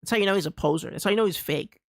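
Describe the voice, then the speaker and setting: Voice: medium pitch, rapid-fire, gravelly. A game streamer giving casual gameplay commentary, rambling with lots of restarts and repeats and an easy "dude" here and there. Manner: calls people "dude".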